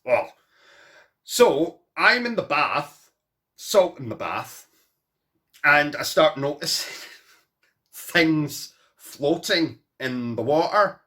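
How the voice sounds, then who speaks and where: Man, vlogger, comic storytelling, self-mocking, lively pitch. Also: drawn-out words, pauses often. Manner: animated, self-mocking, rambling with asides. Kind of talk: comic personal storytelling to camera.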